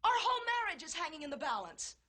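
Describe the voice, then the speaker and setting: An actress playing an impulsive, emotional young newlywed wife, indignant and dramatic in a 1960s film comedy. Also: female voice, sits high, very animated, fast talker, sharp tone, slight background noise, exaggerated voice. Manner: indignant and dramatic, close to tears. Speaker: wife in a marital argument.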